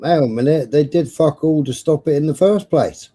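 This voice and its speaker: A man's voice: on the high side, brisk, mellow, slightly rough. A man on a livestream call, pushing back bluntly with swearing in a heated political argument.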